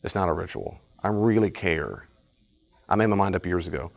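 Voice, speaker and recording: A man's voice: deep voice, moderate pace, gravelly, muffled recording. A man leading a live study group. He teaches informally, tells stories, acts out conversations and laughs often.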